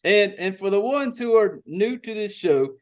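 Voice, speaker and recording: Podcast host, man, high voice, cussing and rambling loosely. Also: animated, moderate pace. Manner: laid-back, profane, rambling with restarts. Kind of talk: casual podcast chat.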